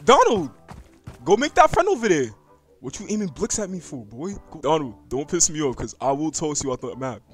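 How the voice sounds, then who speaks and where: A young man giving casual gaming commentary, slangy and excitable, chatting to the game's creatures and yelping when startled. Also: fairly high pitch, brisk, faint music behind. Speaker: gaming YouTuber.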